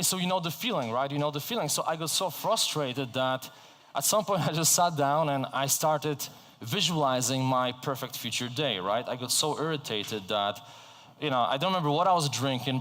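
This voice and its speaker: A Polish-born man, a native Polish speaker, giving an energetic, conversational keynote talk on a conference stage and engaging the audience. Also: mid-range voice. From Poland. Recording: echoey conference hall.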